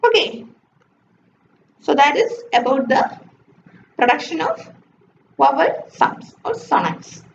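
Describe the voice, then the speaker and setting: A woman teaches at an unhurried pace. Her high voice rises and falls a lot as she explains each point. The sound is roomy and slightly muffled, like a lo-fi classroom recording. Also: very animated, a little hiss or hum. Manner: explains step by step, often saying "okay". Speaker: lecturer. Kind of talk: slide-based phonetics lecture. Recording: echoey, dull lo-fi room recording.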